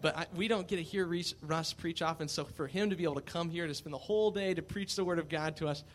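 A man's voice: on the high side, fast, slight background noise. A man, a pastor, introducing a guest preacher to his congregation with enthusiasm. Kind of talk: church announcement. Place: church service before a congregation.

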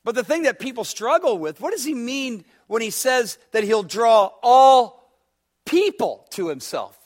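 A man's voice: very high-pitched, lively intonation, unhurried. A man preaching a sermon as pastor, pressing his listeners with repeated rhetorical questions and acting out a story in quoted dialogue.

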